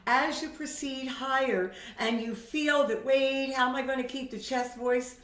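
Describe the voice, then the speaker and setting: A woman vocal coach leading a warm-up lesson, coaxing her students and singing scales to show them how it's done. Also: high voice, steady tone, measured pace, far from the mic. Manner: coaxing, sings demo scales between spoken tips. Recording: echoey room, voice from off the mic, loud piano. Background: piano accompaniment.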